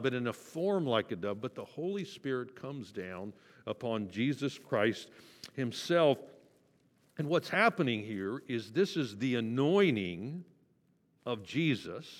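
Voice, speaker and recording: A male pastor giving a sermon, teaching conversationally and asking the listeners rhetorical questions. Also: mid-range voice. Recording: long reverb of a large hall.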